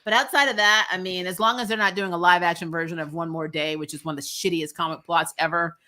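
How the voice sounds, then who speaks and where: A woman chatting casually as a podcast guest, animated and ranting, laughing often. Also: fairly low pitch, fast.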